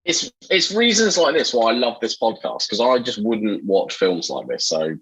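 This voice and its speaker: A man co-hosting a film podcast in casual chat, animated and incredulous, swearing freely. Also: on the low side, normal speed, slightly rough, lo-fi sound. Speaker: podcast co-host.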